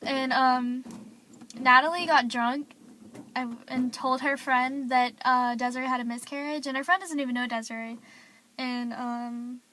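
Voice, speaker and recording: Teen girl, high pitch, bright tone, rambling gossip, lots of fillers. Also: steady tone, unhurried, slight background noise. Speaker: vlogger. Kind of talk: casual gossip vlog.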